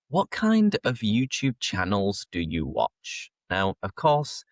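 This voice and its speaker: A man's voice: on the low side, no room sound, clean studio sound. A man hosting a casual chat, laughing easily and turning to talk straight to his viewers. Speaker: host, English teacher.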